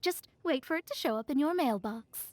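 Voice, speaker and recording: An actress voicing a haughty, sharp-tongued young woman astrologist in a game. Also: high-pitched, expressive, fairly quick, no room sound. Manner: teasing, haughty. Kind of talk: game voice acting.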